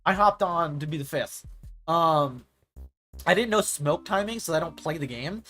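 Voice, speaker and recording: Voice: medium pitch, moderate pace, faint music behind. A gaming streamer chatting casually and telling stories in a rambling way, with lots of "like" fillers. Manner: rambling, animated storytelling with filler "like".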